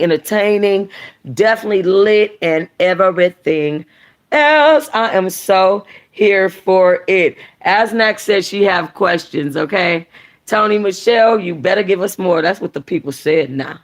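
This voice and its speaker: A woman hosting a book club, reading a novel aloud and then chatting casually in an animated, slangy way. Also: lowish voice. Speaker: book club host and reader.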